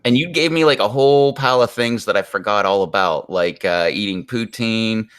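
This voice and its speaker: A man's voice: fairly low pitch, normal speed, a bit bright, clear, resonant tone. A man streaming and chatting casually with friends, laid-back and rambling. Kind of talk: casual chat on a live stream.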